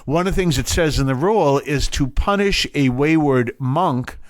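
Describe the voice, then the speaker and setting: A man's voice: on the high side, moderate pace, no echo. A man giving an informal Bible teaching talk, thinking aloud and wandering off on tangents, with frequent fillers and restarts.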